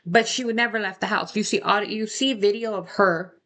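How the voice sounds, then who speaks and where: A woman's voice: medium pitch, steady tone, a little fast, fairly bright tone. A young woman casually talking through a true crime case, rambling and correcting herself, with frequent rhetorical questions. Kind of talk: casual chat.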